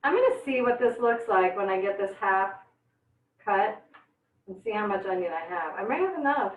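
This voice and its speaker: A woman's voice: mid-range voice, expressive, moderate pace. A young woman teaching a cooking class who chats and laughs while her eyes water from onions, with frequent exclamations. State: teary-eyed from onions. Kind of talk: live online cooking class. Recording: echoey, distant, phone-like sound.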